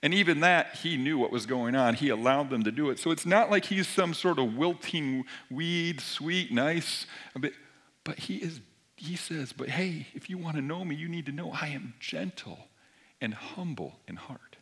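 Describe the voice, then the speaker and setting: A middle-aged man preaching a sermon, moving between soft near-whispered lines and forceful emphatic passages. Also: fairly high pitch, normal speed. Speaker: pastor.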